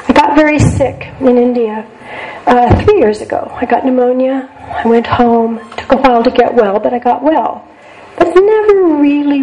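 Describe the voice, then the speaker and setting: A woman's voice: a little high, dark tone, a little hiss or hum, poor audio. An older woman psychologist giving a talk to a group, speaking earnestly and repeating words for emphasis. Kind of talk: lecture to a group.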